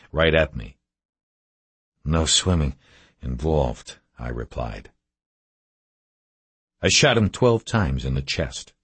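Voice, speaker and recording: A man reading a first-person story aloud in a terse, measured, low-key way. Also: breathy edge, no echo. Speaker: audiobook narrator. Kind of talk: scripted first-person narration.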